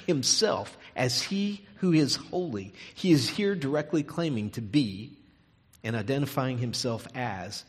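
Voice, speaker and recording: A man preaching a sermon with emphatic delivery, dropping to soft, near-whispered tones on key words. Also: mid-range voice, long reverb tail.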